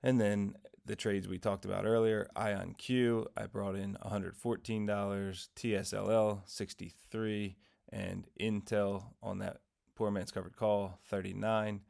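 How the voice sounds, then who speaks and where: A man's voice: on the low side, level tone, unhurried, vocal fry, a little mellow. A man hosting his investing channel, giving a casual, rambling weekly recap of his trades and dividends in his morning voice, correcting himself as he goes. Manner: rambling, self-correcting, tells dad jokes.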